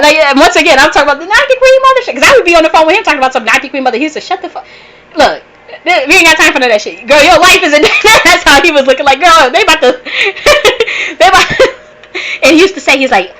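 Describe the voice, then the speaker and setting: A woman host talking in a casual monologue, an animated storyteller who swears a lot and restarts her sentences often. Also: a little high, slight background noise, rough recording. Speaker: channel host.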